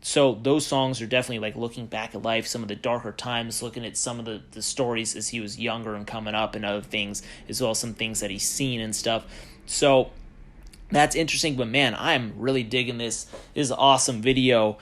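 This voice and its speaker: A man's voice: medium pitch, fairly even intonation, a little fast, a bit bright. A man casually reviewing an album on his vlog, rambling and thinking aloud with plenty of fillers. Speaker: music reviewer vlogger. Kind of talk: casual unscripted talk to camera.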